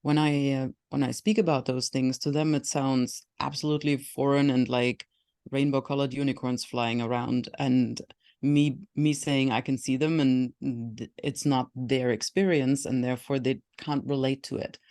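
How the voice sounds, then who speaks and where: Brief: German-accented academic guest, measured and teacherly, mid-range voice. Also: mid-range voice, steady tone, darkish tone. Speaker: guest, software engineering professor. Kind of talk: conversational interview answers.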